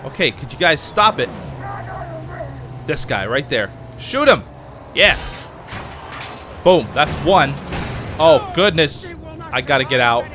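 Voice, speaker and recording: A man hosting a let's play, commenting as he plays, with excitable, panicky exclamations under fire. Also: a little high, slow, pauses often, noisy background. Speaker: gaming channel host.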